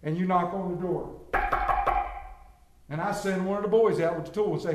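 Animated high-voiced preacher man. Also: normal speed, long pauses, echoey room. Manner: animated, acts out bible characters, addresses congregation by name. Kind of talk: storytelling sermon.

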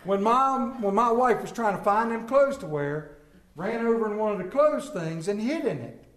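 A man's voice: high voice, lively intonation, normal speed, fairly bright tone, reverberant. A middle-aged man preaching a humorous sermon to a congregation, telling family stories with jokes and asides. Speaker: pastor. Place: church sanctuary.

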